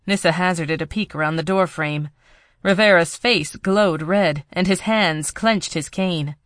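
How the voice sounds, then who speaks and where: A narrator reading a tense thriller audiobook in a steady storytelling voice, recorded on a close mic. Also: medium pitch, a little slow, dry recording.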